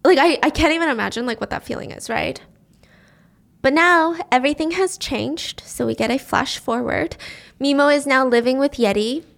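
High-voiced young woman recapping a drama. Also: moderate pace, vocal fry, fairly bright tone. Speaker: podcast host recapping a drama. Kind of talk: animated casual storytelling.

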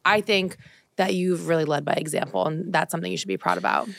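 Thirties woman, podcast co-host, gravelly voice, animated chatter, close dry mic. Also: fairly low pitch, fast talker, no room sound. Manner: animated, swings loud when worked up. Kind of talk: casual chat. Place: moved from the West Coast to the East Coast.

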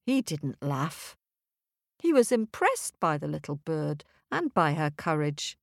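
A woman storyteller telling a folk tale in an expressive, rhythmic way. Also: low-pitched, slow, vocal fry, dry recording, studio quality. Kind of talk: storytelling for children.

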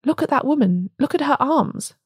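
A woman's voice: high voice, expressive, normal speed, no echo, clean studio sound, pitched above the performer's own voice. A woman reading aloud, voicing a blunt, peevish male doctor in a storybook. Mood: arguing. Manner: blunt, sulky.

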